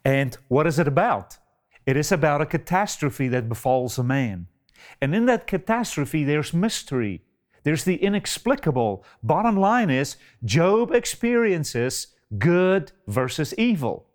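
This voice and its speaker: A man with a fairly high voice and big pitch swings preaches a slow, dramatic sermon, calling his listeners beloved and filling it with rhetorical questions.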